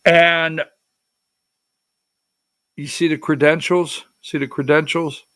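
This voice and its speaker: A middle-aged man hosts a political livestream show with an unhurried delivery and a fairly high, bright voice. He rambles between stories, gets emotional, and calls out slide numbers to his producer. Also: flat delivery. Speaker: political talk show host.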